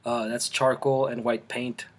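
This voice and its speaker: A man's voice: medium pitch, flat delivery. Rambling Colombian-born man in his studio. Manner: rambling, halting, with many restarts and fillers. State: eating, mouth full at times. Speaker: artist and channel host. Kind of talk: casual chat to camera. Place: home art studio.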